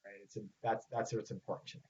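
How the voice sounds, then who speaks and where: A man's voice: lowish voice, flat delivery, quick pace, dark tone, highs cut off. A man teaching clinicians in a casual, conversational way, acting out the lines he says to parents and children. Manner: conversational, acts out what he says to parents and kids. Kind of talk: recorded training talk.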